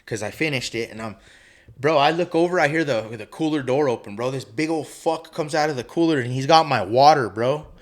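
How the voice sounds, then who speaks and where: A man co-hosting a casual podcast chat, telling stories with lots of swearing and loudly acted-out quotes. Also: mid-range voice, a little fast. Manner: animated storyteller, swears freely, acts out quotes loudly. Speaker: podcast co-host.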